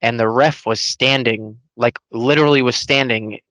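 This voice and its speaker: A man's voice: mid-range voice, steady tone, moderate pace, a bit bright, dry recording, low-quality recording. A man co-hosting a casual podcast, ranting in long, heated run-on complaints and cursing freely. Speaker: podcast co-host. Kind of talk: casual sports rant.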